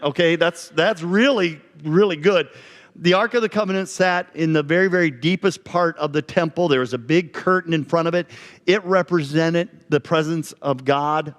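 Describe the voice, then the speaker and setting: A male pastor with a slightly high, fairly bright voice preaches conversationally, asking his congregation questions. He's in a church sanctuary, and the recording has a long church reverb.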